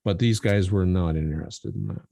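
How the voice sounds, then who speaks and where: A man co-hosting a podcast in casual chat, animated, swearing freely and laughing often. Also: sits low, brisk, dry recording. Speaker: podcast co-host.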